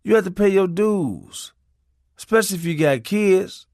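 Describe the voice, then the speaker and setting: A man narrating a comic memoir in a profane, preachy way, swinging his pitch for emphasis. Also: animated, normal speed, a little mellow, dry recording, studio quality.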